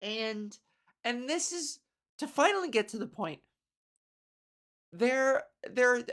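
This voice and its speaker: A woman comedian hosting her own podcast, ranting casually with sarcasm, profanity and quick laughs. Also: medium pitch, a bit bright. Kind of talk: casual solo podcast rant.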